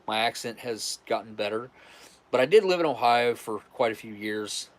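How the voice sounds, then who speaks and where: A man's voice: mid-range voice, expressive, moderate pace. A man from West Virginia with a West Virginian accent, chatting casually and rambling with restarts on a live stream. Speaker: livestream host.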